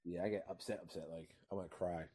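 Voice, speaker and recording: A man co-hosting a casual wrestling chat, swearing freely, whose voice climbs high and loud when he gets worked up. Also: steady tone, fast talker, breathy edge. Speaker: podcast co-host.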